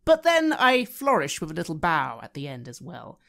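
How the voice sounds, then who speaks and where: A woman's voice: deep voice, moderate pace, creaky. A woman player describing her character's actions in a tabletop role-playing game, playfully. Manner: lively, playful player narration.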